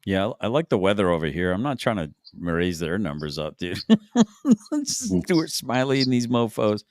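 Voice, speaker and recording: A man's voice: lowish voice, big pitch swings, normal speed, dry recording, clean studio sound. A man hosting a stream, giving crude, mocking, rambling reaction commentary. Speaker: stream host.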